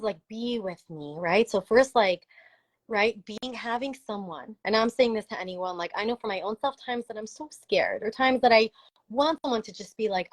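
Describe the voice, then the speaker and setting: A woman's voice: mid-range voice, moderate pace, no echo, rough recording. A woman talking earnestly and reflectively about supporting parents, in a casual live conversation with many "like" fillers. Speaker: parenting and trauma support speaker.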